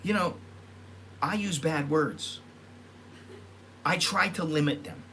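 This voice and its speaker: A middle-aged American man, a vlogger, rambles casually through his stories, often correcting himself and acting out what people said. His voice is on the high side and expressive, with a slow pace and a sharp tone. There's slight background noise.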